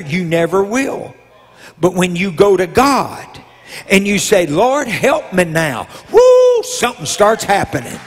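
An older man, a bishop preaching a sermon, breaking into shouted calls to the congregation. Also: sits high, husky. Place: large church sanctuary. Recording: long hall reverb.

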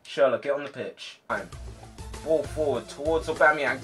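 Excitable young gaming YouTuber calling his own match, mid-pitched, soft game music underneath. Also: normal speed, breathy edge. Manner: excitable, shouts at players, swings to frustrated sighs. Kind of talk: live gameplay commentary.

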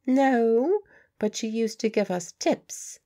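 A woman's voice: on the high side, expressive, takes it slowly, dark tone, voice pushed up. A woman playing a blunt working-class medium. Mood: guarded.

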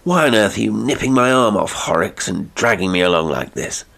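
A man's voice: medium pitch, sing-song, takes it slowly, gravelly, a bit bright, breathy edge, voice pushed up, exaggerated voice. A man doing a nervous, uneasy young artist. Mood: nervous protest. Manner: forced nervous laughter, uneasy.

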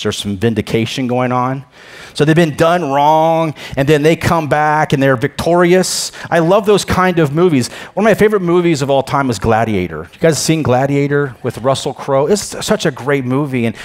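Preaching as pastor, a man from the United States speaks in a mid-range voice with emphatic energy. Loud proclamations give way to quiet asides, and he tends to repeat words at the start of phrases.

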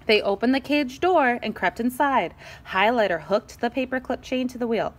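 A woman teacher reading a picture book aloud to her class, expressive, with gasps and dramatic pauses. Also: a little high.

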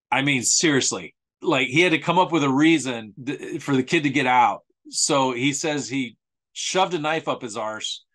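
A man's voice: medium pitch, fairly bright tone. A man presenting a history talk in a casual, sarcastic, conversational way, often repeating himself for emphasis. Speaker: author presenting a history series.

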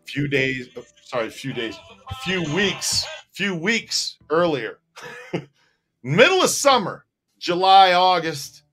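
A man co-hosting a relaxed livestream chat, with a voice sitting a bit higher than most men's. He tells stories animatedly and laughs often, with soft music faint in the background. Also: slow pace. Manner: animated, laughing storyteller reading viewer comments. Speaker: co-host. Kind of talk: casual livestream chat and storytelling.

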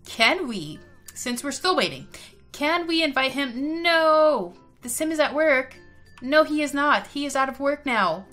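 A woman giving chatty gameplay commentary in an excitable, giggly way. Her high voice has a bright, sharp edge, with faint music playing behind her. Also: a little slow. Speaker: gaming video host.

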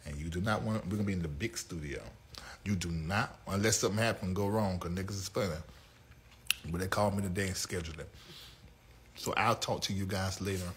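A man's voice: fairly quick, a little hiss or hum. Sassy flamboyant male talk show host. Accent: Southern US. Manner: sassy, flamboyant, swings from low mutters to loud outbursts. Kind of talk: live talk show monologue to chat.

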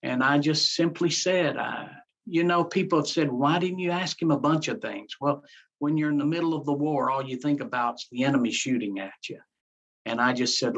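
A man's voice: medium pitch, moderate pace, vocal fry, a bit bright, husky. A man, a pastor, telling his life story in an interview in an earnest way, repeating phrases and acting out his own past words. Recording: dull lo-fi sound.

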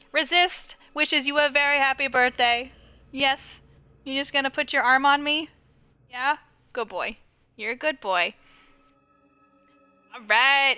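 A high, bright-voiced woman gives live commentary on a horror game from her couch at home. She talks close to the microphone, jumps at scares, giggles often, and chats with her viewers and her dog. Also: clear, resonant tone. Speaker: game streamer.

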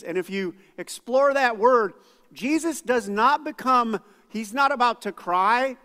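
A middle-aged pastor preaches with a lively, expressive delivery. He drops to quiet asides, then rises into loud outbursts. His high, bright voice rings through a church hall with a long reverb. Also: a little slow. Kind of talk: sermon. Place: church sanctuary.

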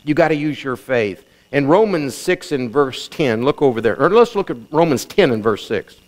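A man's voice: mid-range voice, animated, moderate pace. A middle-aged man preaching a sermon, reading scripture and driving points home by repeating them. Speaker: pastor.

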